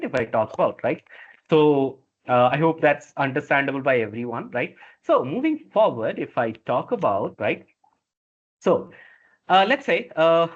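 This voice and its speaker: Indian-accented male teacher, halting lecture. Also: medium pitch, fairly bright tone, lo-fi sound. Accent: Indian English. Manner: keeps checking in with "right?", halting and repetitive. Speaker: instructor. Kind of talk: classroom lecture.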